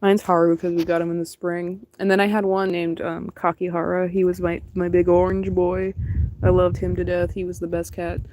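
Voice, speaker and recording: A woman's voice: lowish voice, flat delivery, moderate pace, darkish tone. A young woman chatting casually and rambling while painting on a stream, laughing often. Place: outdoors in cold wind.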